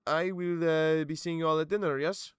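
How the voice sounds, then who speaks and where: A flamboyant, tipsy young nobleman , as a man puts him on, drawls lightly and loudly through every line. The voice sits a little higher than a plain low speaking voice. The sound is dry and close. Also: fairly even intonation, normal speed, clean tone, dry recording, lightly acted. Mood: breezy.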